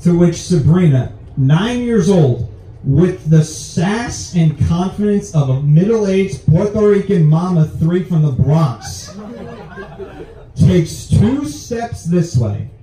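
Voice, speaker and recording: A young man works through a stand-up set on a club stage. His voice sits a little high but sounds mellow, and he springs into squeaky put-on voices for his punchlines. The room rings with a heavy echo, and the mic is set back from him. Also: distant mic. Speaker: stand-up comedian.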